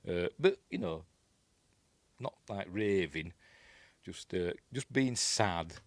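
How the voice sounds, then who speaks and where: A man with a Yorkshire accent talks his way through a film scene by scene in a loose, chatty ramble, stopping and restarting often. His voice sits very low. The recording is close and dry, with almost no room sound. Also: animated, takes it slowly, no room sound. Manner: rambling, many fillers and restarts. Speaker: film reviewer. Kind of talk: casual film breakdown.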